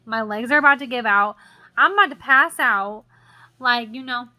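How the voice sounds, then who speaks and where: A woman's voice: a little high, moderate pace, sharp tone. A young woman vlogger telling a story in a casual, rambling way, full of "like" fillers, still shaken and jittery.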